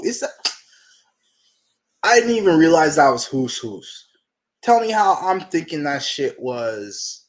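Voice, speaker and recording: This is a manga reaction channel host whose voice sits in the middle range. As he reads, he chats to himself, loud with excitement and generous with profanity.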